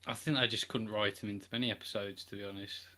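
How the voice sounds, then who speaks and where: A man co-hosting a podcast, making quiet offhand asides in casual chat. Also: lowish voice, fairly even intonation, fast talker.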